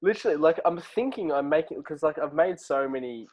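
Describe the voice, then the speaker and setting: A young man co-hosting a podcast, chatting casually and reacting with excitement to his friends' stories. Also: on the high side, a little fast. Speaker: podcast co-host. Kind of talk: casual chat.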